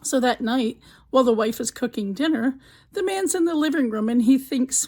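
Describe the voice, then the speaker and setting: A woman runs through a scripted countdown of marriage jokes for her channel, telling each like a story before landing the punchline. Her voice is on the high side and a little mellow, with lively intonation and a normal pace, captured on a rough recording.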